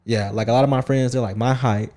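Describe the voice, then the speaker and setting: Slangy young man, mellow voice. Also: mid-range voice, fast talker. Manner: animated storytelling, slangy, lots of "like". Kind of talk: casual chat.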